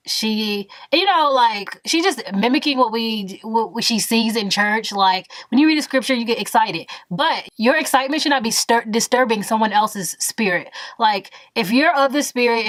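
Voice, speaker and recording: A woman in her twenties telling a story in a vlog, animated and emphatic, full of exasperation. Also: a little high, moderate pace, dry recording. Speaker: vlogger.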